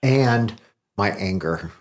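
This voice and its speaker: Deep-voiced man talking candidly. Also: expressive, slow. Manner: candid and self-deprecating, swears freely. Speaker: podcast host. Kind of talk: casual heartfelt conversation.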